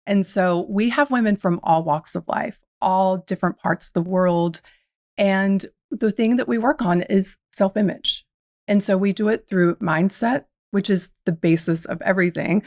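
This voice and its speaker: A woman's voice: mid-range voice, moderate pace, no room sound, clean studio sound. A woman from the South, speaking, tells her story reflectively as a guest in a podcast interview. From American South. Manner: reflective, uses quoted inner dialogue.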